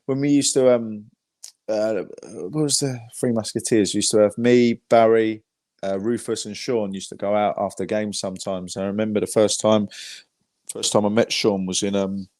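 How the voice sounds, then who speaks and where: A man with an English accent chats as a podcast guest, rambling through fan anecdotes and swearing freely. His voice sits fairly low. The sound is dry and close, with no room echo. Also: steady tone, normal speed, a little mellow. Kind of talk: casual chat.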